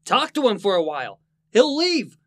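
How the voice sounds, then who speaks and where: An actor playing an exasperated, sarcastic boss in a 1940s radio sitcom, with a blustering delivery. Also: male voice, high-pitched, wildly swooping pitch, moderate pace, no room sound, studio quality, heavily acted. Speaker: law office boss.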